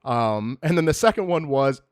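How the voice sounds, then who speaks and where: A man's voice: medium pitch, animated, moderate pace, clean tone, no echo, clean studio sound. Rambling, self-deprecating young man. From Michigan. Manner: rambling storyteller, self-deprecating, laughs often. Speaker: podcast co-host. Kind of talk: casual chat.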